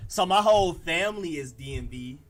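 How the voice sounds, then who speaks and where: Animated Atlanta man hosting a livestream. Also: on the high side, a little fast. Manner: animated, slangy, reacts to live chat. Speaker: livestream host. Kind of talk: casual sports livestream chat.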